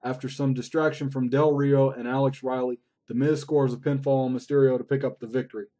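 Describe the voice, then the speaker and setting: A man's voice: medium pitch, level tone, brisk, warm tone. Man giving a profane, rambling recap. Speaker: wrestling show reviewer. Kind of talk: casual recap vlog.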